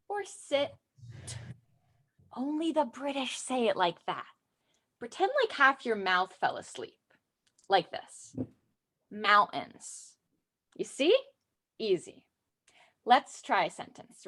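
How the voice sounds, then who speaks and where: Young woman reading her poems, swoops up and down a lot, slow and theatrical. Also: a little high, sharp tone. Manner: playful, theatrical delivery. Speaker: student poet. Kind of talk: poetry reading.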